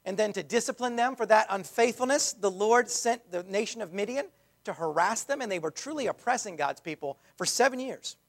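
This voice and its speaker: A pastor preaches his sermon in a gravelly, creaky voice that sits high, animated and a bit fast. He keeps it conversational, restarting phrases and tossing in casual asides as he works through his message.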